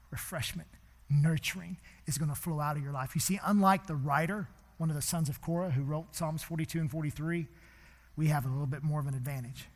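A man preaching a sermon as pastor in a church, impassioned, swinging between hushed and loud. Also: a little high, long reverb tail.

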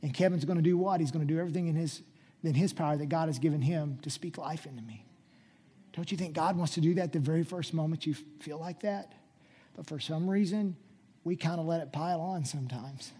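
A man preaching a sermon as pastor, reading scripture quietly and then rising to loud, urgent exhortation. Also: a little high, a little fast, husky.

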